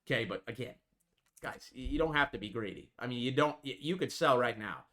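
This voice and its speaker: A man's voice: medium pitch, expressive, brisk, sharp tone. A man hosting a trading channel, giving emphatic, repetitive market commentary over charts and tagging his lines with "okay" and "folks".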